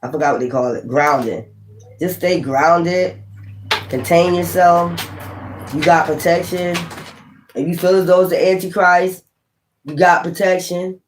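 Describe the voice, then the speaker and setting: A woman's voice: lowish voice, steady tone, a little slow, long pauses, a little hiss or hum, poor audio. A woman hosting a live stream as a tarot reader, rambling casually and talking straight to her viewers.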